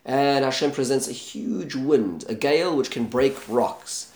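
A man with a voice of ordinary pitch teaches a Bible lesson in a relaxed storytelling way. He drops Hebrew terms and verses into his English and briefly acts out the characters' lines. The recording has a noticeable room echo. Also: unhurried.

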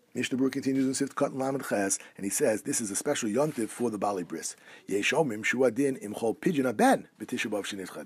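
Fast-talking, husky-voiced man teaching halacha. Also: medium pitch, no echo. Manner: quick, lively delivery, switching between Hebrew terms and English explanation. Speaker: Torah teacher. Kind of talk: halacha lesson reading and translating texts.

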